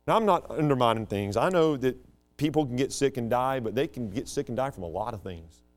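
Animated, digressive American man. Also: fairly quick. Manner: animated and digressive, with sudden jumps up and down in pitch. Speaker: speaker addressing a group. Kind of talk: rambling talk to an audience.

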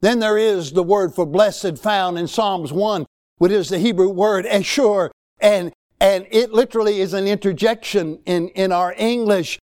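A man's voice: high voice, a little slow, darkish tone. A man, preaching a sermon in a folksy, emphatic way with rising exclamations. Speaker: pastor.

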